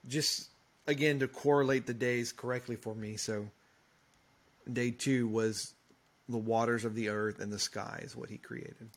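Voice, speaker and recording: A man's voice: medium pitch, steady tone, unhurried. A man in a casual Bible study conversation, reading verses plainly and reflecting in an easygoing way. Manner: easygoing, reads verses plainly, brief agreements.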